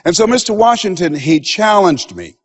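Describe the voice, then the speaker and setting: A man delivers a motivational seminar speech in a fairly high, lively voice that swings widely in pitch. He preaches emphatically and acts out the voices of others. His voice rings through a large hall with a long reverb tail. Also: normal speed, breathy edge, dull audio. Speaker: motivational speaker.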